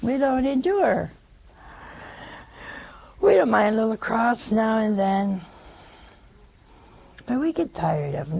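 Slow, gravelly woman preaching a homily. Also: on the high side, very animated, a little mellow, low-quality recording. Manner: folksy, teasing, asks the audience questions. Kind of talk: sermon.

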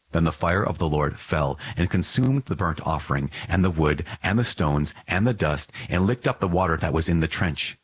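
Solemn male scripture narrator, very low and slightly husky. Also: lively intonation, moderate pace, few pauses. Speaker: scripture reader.

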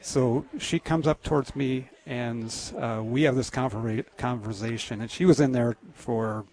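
A man talking as a guest on a radio show, halting and earnest, with many restarts and pauses. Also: medium pitch, steady tone, a little mellow. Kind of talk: casual testimony on a radio show.

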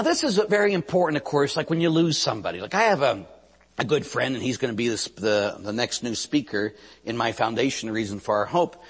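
A Catholic priest giving a sermon, telling stories with lively emphasis and sudden hushed moments. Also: male voice, medium pitch, slightly rough. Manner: animated storytelling, swinging from loud emphasis to hushed. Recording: reverberant hall.

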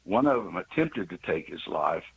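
Older man calling in, halting. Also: low-pitched, very animated, creaky, breathy edge, rough recording. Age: 60s. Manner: hesitant, many restarts and fillers. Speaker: radio caller. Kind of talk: call-in storytelling. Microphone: phone call.

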